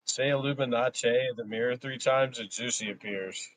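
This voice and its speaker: A man's voice: mid-range voice, steady tone, moderate pace, fairly bright tone, dry recording, poor audio. A man joking around and rambling in casual live stream banter, laughing often.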